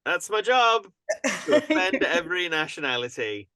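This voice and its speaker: A man's voice: high voice, sing-song, moderate pace, pushed and bright, no room sound, clean studio sound. A man co-hosting a podcast, chatting casually, joking and swearing and mocking himself. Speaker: podcast co-host. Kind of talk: casual chat.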